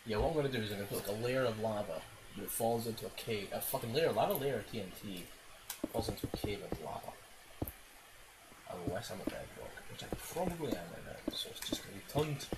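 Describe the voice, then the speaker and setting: Speaking fast and expressively in a voice on the low side, this man records gameplay commentary through his laptop's built-in microphone, which leaves a loud hiss. He's a gaming video creator who rambles, swears, and mocks himself as he plays.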